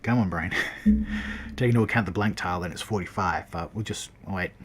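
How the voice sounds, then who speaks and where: Low-voiced and fast-talking, a man works through game development on a livestream with slight background noise. His tutorial is casual and rambling, and he frequently stops to correct himself mid-sentence as he works.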